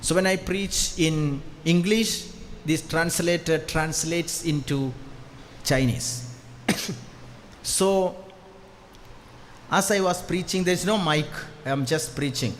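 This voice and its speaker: High-voiced priest preaching emphatically. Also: male voice, slow, long pauses, slight background noise. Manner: emphatic, repeats key phrases, swings from hushed to loud; leads call-and-response with the congregation. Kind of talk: storytelling sermon.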